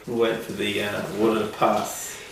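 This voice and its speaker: A man's voice: lowish voice, completely flat delivery, normal speed, creaky. A man co-hosting a casual podcast, chatting with dry joking asides. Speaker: podcast co-host. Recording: echoey room, far from mic, faint noise.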